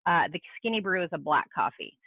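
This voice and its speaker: A woman giving a brisk, practical product explanation as a guest expert on a video call. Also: lowish voice, sing-song, gravelly, husky, no echo. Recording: tinny dry phone-like call audio.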